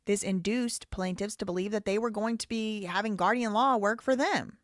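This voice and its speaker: A woman's voice: medium pitch, normal speed, dry recording, clean studio sound. A woman hosting a live show, reading a lawsuit aloud in a casual, rambling way, with wry asides and frequent self-corrections.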